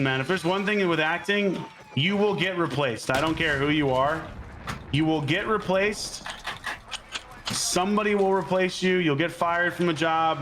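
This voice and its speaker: A man's voice: a little high, noisy background. A laid-back man from Florida, an actor guest on a podcast who tells stories and swears freely while chatting casually during a game.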